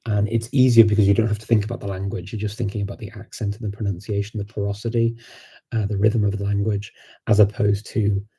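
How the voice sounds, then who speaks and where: A man's voice: on the low side, flat delivery, quick pace, warm tone, slightly rough. A man with a Scouse accent, from Liverpool, chatting casually about learning languages, rambling with many fillers and restarts. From Liverpool, England. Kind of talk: casual livestream Q&A.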